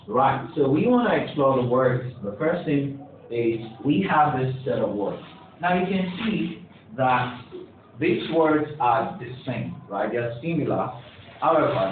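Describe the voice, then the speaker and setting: Man teaching in an echoey classroom. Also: medium pitch. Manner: encouraging, asks students questions and praises answers. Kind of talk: classroom pronunciation lesson. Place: classroom with students. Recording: echoey, distant, phone-like with faint hiss.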